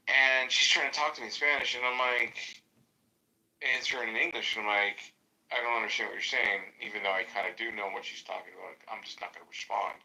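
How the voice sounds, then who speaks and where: A man's voice: steady tone, fast talker, vocal fry, bright, forceful tone, rough recording. An American man telling stories in a casual podcast chat, profane and loose, with many fillers. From United States. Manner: profane, storytelling, jumps high to mimic others. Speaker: podcast co-host.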